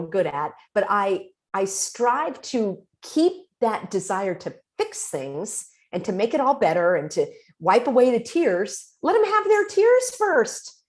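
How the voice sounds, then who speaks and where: Woman host, casual advice talk, lively pitch that swoops up for acted-out reactions. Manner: animated, acts out quoted reactions.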